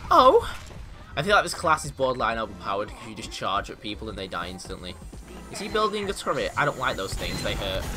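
A man giving casual, excitable commentary on his own gameplay, boasting in jest and yelping when things go wrong. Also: mid-range voice, fast, music in the background. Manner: excitable, mock-boastful, yelps and laughs in panic.

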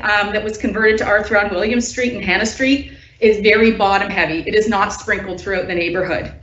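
A woman's voice: medium pitch, steady tone, a little fast, few pauses, a bit bright. A woman resident giving nervous, earnest public comment from home, her voice shaking with upset. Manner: earnest, nervous, pressing objections. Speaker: resident speaking at a council meeting. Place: indoors at home. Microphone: video call. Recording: distant, echoey, dull video call audio.

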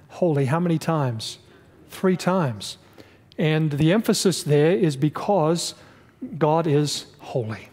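Pastor teaching in an echoing church. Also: male voice, fairly high pitch, darkish tone. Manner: emphatic, asks the class questions. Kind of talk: Bible study lesson.

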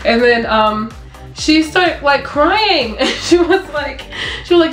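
Animated young woman telling a story. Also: slow pace. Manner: animated storytelling, acts out quotes in a higher voice. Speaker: vlogger. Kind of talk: casual chat. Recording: echoey room with faint music.

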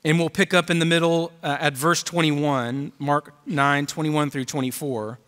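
A man delivers a sermon, reading scripture aloud and pressing hard on key lines. His voice sits a little high for a man. The sound carries a long church-hall reverb. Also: level tone, moderate pace, a bit bright. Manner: reads scripture aloud, building emphasis. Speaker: pastor. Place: church auditorium.

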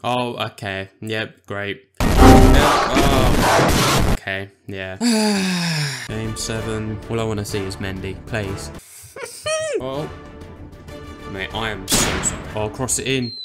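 A young man commentating his own football video game matches, swearing often and swinging from flat mutters to excited yelps and pleading. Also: fairly low pitch, slow, long pauses. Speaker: gaming YouTuber. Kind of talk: reactive gameplay commentary. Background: music.

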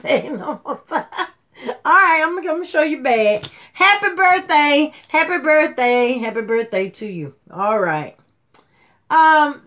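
A middle-aged woman, chatting to viewers on a live jewelry sale, laughing often and jumping from low murmurs to excited high bursts. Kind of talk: live selling stream, casual chat to viewers.

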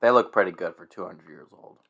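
A man's voice: sits low, quick pace, vocal fry, fairly bright tone, muffled recording. A man co-hosting a podcast, chiming in with joking, sarcastic asides. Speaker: podcast co-host. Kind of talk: casual chat.

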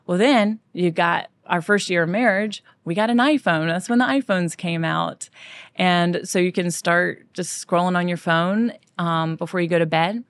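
A woman's voice: lowish voice, normal speed, no echo. A woman hosting a faith podcast, talking earnestly and conversationally in a monologue. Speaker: podcast host.

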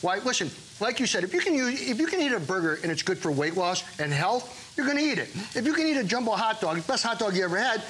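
A middle-aged man pitching his food products on a home shopping show, animated and joking, sometimes talking with his mouth full. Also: quick pace, hardly any pauses, slight background noise, low-quality recording. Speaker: guest brand founder.

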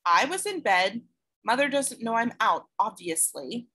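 Woman doing a little boy, wise beyond his years, calm, knowing, bright high storybook voice. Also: measured pace, breathy edge, full character voice.

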